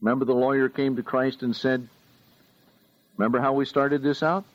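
A man preaching a sermon, reading scripture aloud slowly and with deliberate emphasis. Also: medium pitch, level tone, no room sound, muffled recording.

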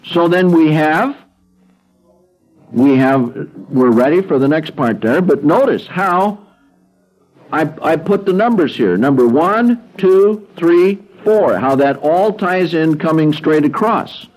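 A man leads a Greek grammar lesson at an unhurried pace, stopping to ask "okay?" as he works through a worksheet. His slightly high voice swings through a wide, animated range. Faint music plays in the background. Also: rough recording. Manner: patient, repeats words slowly, checks in with "okay?". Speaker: Greek teacher. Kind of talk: classroom lecture walking through a worksheet.

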